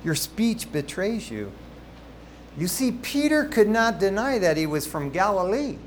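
A man preaching a sermon as pastor, telling stories in a lively, conversational way with asides to the congregation. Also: sits high, slight background noise.

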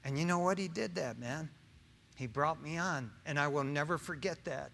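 A man's voice: on the high side, normal speed, vocal fry, a bit bright, a little hiss or hum. A middle-aged man preaching an informal sermon, talking straight to the congregation with questions and slang. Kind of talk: conversational sermon with personal testimony.

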